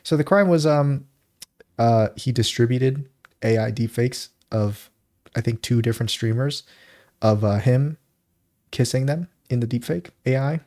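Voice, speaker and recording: A man's voice: medium pitch, a little slow, a little mellow. A man co-hosting a podcast, telling a story in rambling casual chat, often stopping to act out what people said. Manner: rambling, laughs often, acts out quotes. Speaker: podcast co-host.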